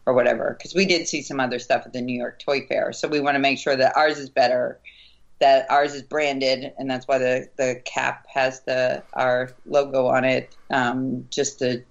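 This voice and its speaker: A woman, an entrepreneur being interviewed, explaining things in a measured way in casual chat. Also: extremely low pitch, little pitch movement, vocal fry. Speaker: entrepreneur, guest. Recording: muffled lo-fi sound.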